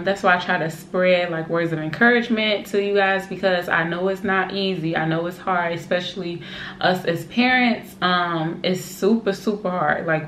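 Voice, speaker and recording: A young mom with a baby talks to her vlog audience with excitement, greeting them as y'all, in a lowish voice. She records indoors at home on a nearby camera that she moves during the chat, in a roomy room with faint background noise.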